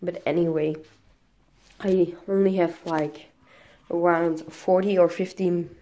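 A young woman, vlogging casually in halting English full of fillers, out of breath and coughing. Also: on the low side, steady tone, mellow. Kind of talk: casual vlog.

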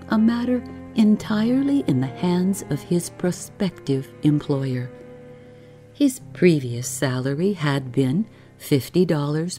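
A woman reading a relaxing bedtime story aloud in a soft, unhurried, soothing way. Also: deep voice.

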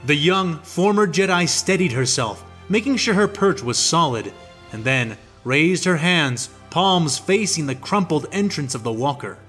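A man narrating a fan fiction audiobook in a steady, descriptive storytelling manner. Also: on the high side, a little slow, soft background music.

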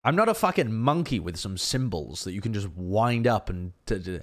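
Esports streamer, male, lowish voice, blunt, swears freely, rants while reading chat. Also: big pitch swings, brisk, few pauses. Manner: blunt and profane, ranting; reads and answers viewer chat. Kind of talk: live-stream match analysis.

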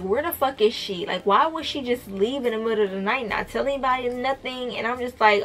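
A woman's voice: on the high side, fairly bright tone. Blunt, profane young woman telling a story. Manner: profane, blunt, talks straight to viewers. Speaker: vlogger. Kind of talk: storytime vlog.

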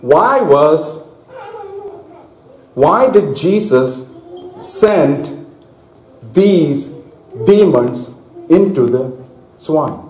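A man preaching a sermon to a congregation, slow and deliberate, stopping to ask his listeners questions. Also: a little high, animated, darkish tone, slight background noise. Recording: echoey hall.

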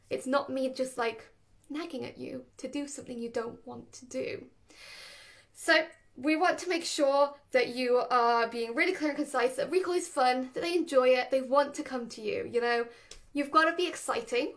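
A woman, a dog trainer, explaining dog training in a chatty, animated way and laughing between points. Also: high voice. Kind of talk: casual instructional talk.

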